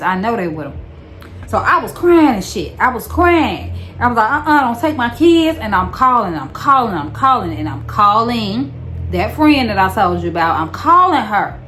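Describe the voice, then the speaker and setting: A young woman tells a wild story from her own life in a loose, animated vlog voice. She swears freely and circles back on her words, repeating lines to hammer them home. A faint hum of room noise sits under her voice. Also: medium pitch. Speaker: vlogger. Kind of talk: casual storytime.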